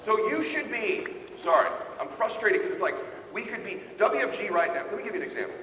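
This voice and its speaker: A man's voice: sits high, big pitch swings, brisk, bright, forceful tone, slight background noise. A man giving a brash, pushy motivational talk to a sales team onstage, often asking the crowd if they are following. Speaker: motivational speaker. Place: large hall, stage at a live event. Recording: very echoey hall, voice from far off.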